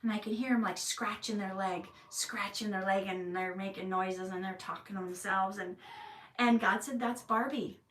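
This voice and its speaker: A woman hosting her vlog and telling a personal story in an animated, emotional way, acting out the people in it. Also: mid-range voice, moderate pace, recorded from a distance, a little hiss or hum. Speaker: vlog host. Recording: echoey room, mic set back.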